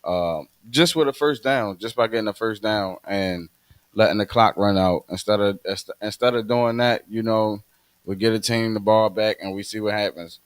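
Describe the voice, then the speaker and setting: Man, Baltimore accent, low voice, earnest and halting, casual podcast chat, dry sound. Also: smooth, no room sound. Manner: earnest, halting, repeats words. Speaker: podcast co-host.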